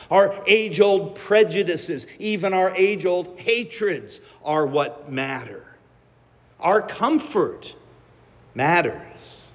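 A man preaching a sermon, telling the story slowly and dramatically with acted-out quotes. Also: high-pitched, in a large hall.

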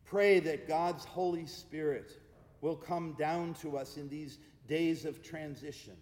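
A man preaching a sermon as pastor, speaking with emphatic repeated refrains and easing into hushed, slow prayer. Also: on the high side, steady tone. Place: church sanctuary. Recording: echoey church hall with long reverb.

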